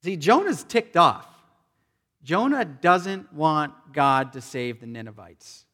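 A man preaching a sermon, retelling a scripture story with animated emphasis and acted-out voices. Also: fairly high pitch, takes it slowly, long reverb tail. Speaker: pastor.

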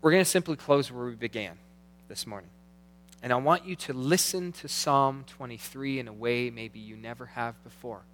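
A man preaching a sermon as pastor, earnest, slowing down to read scripture aloud. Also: mid-range voice, a bit bright. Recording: long hall reverb.

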